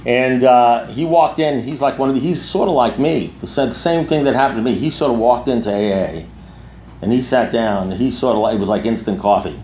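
A man's voice: medium pitch, a little fast, a little mellow, roomy sound, slight background noise. A man in his sixties speaking to a recovery group, telling a long personal story in a rambling way with many restarts and asides. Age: 60s.

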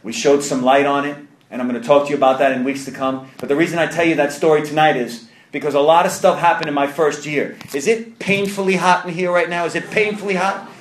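A man telling his own story to a live audience at a recovery meeting, animated and self-mocking, acting out other people's voices as he goes. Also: a little high, quick pace, a little hiss or hum. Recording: echoey room.

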